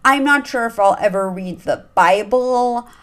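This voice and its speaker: A woman's voice: on the high side, a little slow, a bit bright. A woman hosting a podcast, talking in a chatty, candid way with lots of fillers and asides. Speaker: podcast host. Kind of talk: casual chat. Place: lives in Los Angeles.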